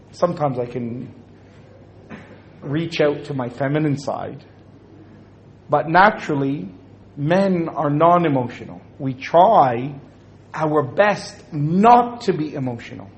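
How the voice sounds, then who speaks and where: A man speaking to an audience at a religious talk, joking and acting out little scenes. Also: on the high side.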